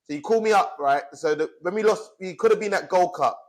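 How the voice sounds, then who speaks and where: A man tears through an angry rant at a rapid clip. His voice sits notably high, and he curses freely and keeps pushing his point as a podcast co-host. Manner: angry, swearing, fired up. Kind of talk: heated casual rant.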